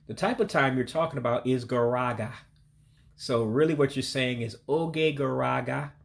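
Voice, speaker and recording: A man giving a language lesson, patiently repeating vocabulary words slowly and breaking each one down. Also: medium pitch. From heritage learner of Igbo descent. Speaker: language learner teaching vocabulary.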